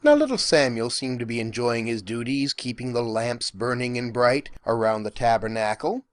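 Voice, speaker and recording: Animated man telling a story. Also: medium pitch, moderate pace, no room sound. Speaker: professor. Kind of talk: storytelling lecture narration.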